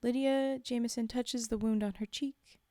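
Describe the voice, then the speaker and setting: Mellow-voiced woman reading a story. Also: a little high, fairly even intonation, normal speed, no room sound. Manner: reads aloud, breaks off to chat with viewers, sometimes whispers. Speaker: streamer reading stories. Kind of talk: casual read-aloud storytelling.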